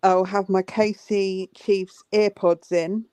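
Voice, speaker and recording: A woman's voice: medium pitch, flat delivery, takes it slowly, a little mellow, smooth, no echo. Woman caller chatting from bed, giggly, dry sound. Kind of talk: casual chat on a call. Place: in bed at home.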